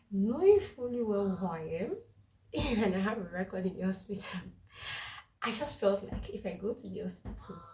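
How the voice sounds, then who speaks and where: A woman's voice: lowish voice, warm tone, roomy sound, distant mic, slight background noise, poor audio. A woman with a cold sharing her recent weeks in a candid, rambling vlog, laughing often. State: congested with a cold. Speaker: faith vlogger. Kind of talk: casual personal vlog.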